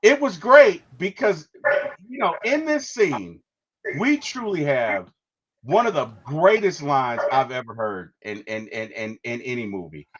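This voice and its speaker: An enthusiastic podcast host talks slowly with a very animated, swooping pitch. The host laughs readily and restarts sentences often, and the sound is dull and lo-fi. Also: slight background noise. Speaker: podcast host reviewing a movie. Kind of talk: casual movie review podcast.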